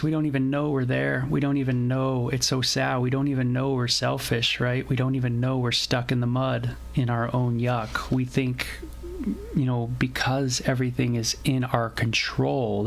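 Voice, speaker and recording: A man's voice: mid-range voice, creaky, a little hiss or hum. A man hosting a casual Bible devotional, reading scripture and retelling it in loose everyday slang. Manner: conversational, animated, paraphrases scripture in everyday slang. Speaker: devotional host.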